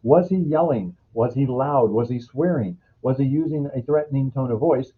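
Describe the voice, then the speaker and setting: A man from the United States giving a recorded healthcare training lecture, explaining calmly and drawing on stories from past clinical work. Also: mid-range voice, moderate pace, slight background noise. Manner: explanatory, uses clinical anecdotes. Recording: phone-like lo-fi recording.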